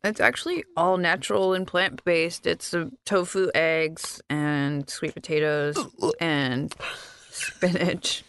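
A woman in a casual chat, defensive and quick with snappy comebacks. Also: low voice, fairly even intonation, a bit bright, smooth.

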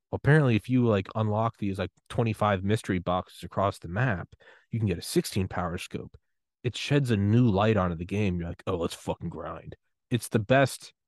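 A man hosting his own podcast, delivering a rambling, profane solo rant that gets animated when he is riled up. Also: on the low side, dry recording, studio quality. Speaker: podcast host.

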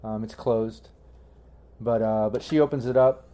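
A man's voice: fairly low pitch, fairly even intonation, unhurried, warm tone, poor audio. A man narrating a tabletop game as game master, talking hesitantly with many fillers.

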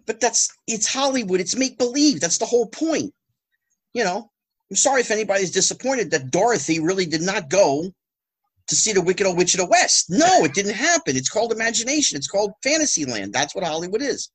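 A man speaks as a podcast guest in a lively, rhetorical way, with exasperated asides. His voice is husky and sits fairly high, and it swings widely in pitch. The sound is close and dry. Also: fairly quick. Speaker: guest, former child actor. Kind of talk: casual podcast conversation.

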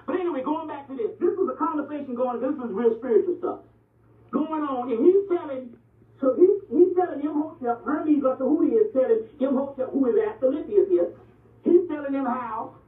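A man with a high-pitched voice lectures bluntly, profanity and all, and keeps checking that his listeners follow him. He sounds thin and phone-like, as if he is far from the microphone in an echoing room. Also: expressive, moderate pace. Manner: blunt and profane, repeatedly asks "you see what I'm saying". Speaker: lecturer on ancient Egyptian history and religion. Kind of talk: animated street-talk lecture. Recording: distant, echoey, phone-like lo-fi recording.

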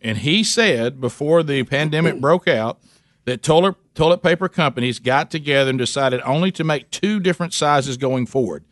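A man's voice: fairly high pitch, normal speed, hardly any pauses, no room sound, studio quality. A man hosting a talk radio show, telling a rambling, jokey story with many restarts in casual chat. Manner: animated and jokey.

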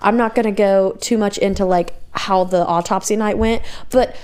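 A young woman co-hosts a casual podcast, teasing her friend and sharing candid stories. She laughs often, and her voice sits at a middle pitch for a woman. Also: fairly even intonation, moderate pace, darkish tone, smooth. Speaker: podcast co-host. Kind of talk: casual chat.

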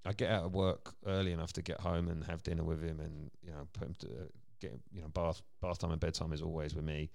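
A man's voice: very deep voice, little pitch movement, fast, gravelly, hardly any pauses, darkish tone, no echo, studio quality. A man co-hosting a casual podcast chat, chatty and laughing often. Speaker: podcast co-host.

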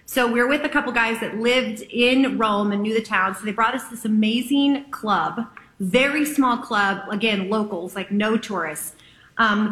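A woman's voice: fairly high pitch, fairly bright tone, echoey room, rough recording. A woman telling a funny anecdote, acting out her own reactions with big jumps in her voice. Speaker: guest telling a story. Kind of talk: animated anecdote.

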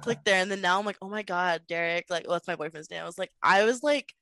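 A woman's voice: fairly low pitch, fast, no echo, clean studio sound. A woman in her twenties from Texas, chatting casually and telling stories with lots of laughter. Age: 20s. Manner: chatty, laughs often, lively storytelling. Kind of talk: casual video chat.

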